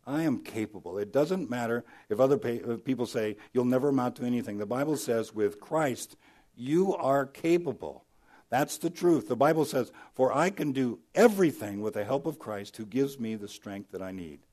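Male pastor, mid-pitched voice, sermon delivery that punches big moments and goes quiet for the key lines. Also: lively intonation, moderate pace. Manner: storytelling, dynamic, swings from loud emphasis to soft hushed lines.

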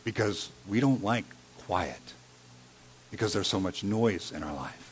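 A man preaching a sermon as a pastor, telling a personal story and swinging between loud emphasis and hushed, quiet lines. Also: fairly low pitch, animated, unhurried, slight background noise. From Iowa.

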